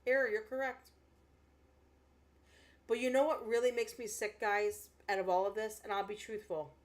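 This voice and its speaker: A woman's voice: mid-range voice, little pitch movement, normal speed. A woman livestreamer chatting with her viewers, speaking in an impassioned, earnest way. She is emotional and close to tears, and she repeats herself as she talks. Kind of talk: casual livestream chat with viewers.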